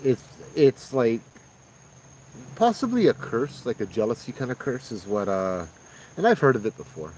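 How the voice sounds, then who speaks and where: A man hosting a live stream outdoors at night, telling his own ghost stories in an excited, rambling way with lots of fillers. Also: fairly low pitch, slight background noise, low-quality recording. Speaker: paranormal storyteller host. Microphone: phones streaming live.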